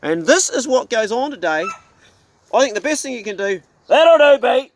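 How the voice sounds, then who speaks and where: A man's voice: high-pitched, animated, normal speed, slight background noise. A middle-aged man with a New Zealand accent, a hunting vlogger ranting casually to camera in a blunt, profane, folksy way.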